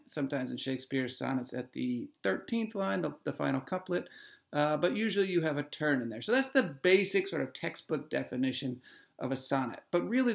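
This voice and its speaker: A man's voice: on the high side, vocal fry. A man, an English professor, co-hosting a poetry podcast and explaining sonnet form in a conversational way with some fillers. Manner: explanatory, thinks aloud with fillers. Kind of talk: conversational literary discussion.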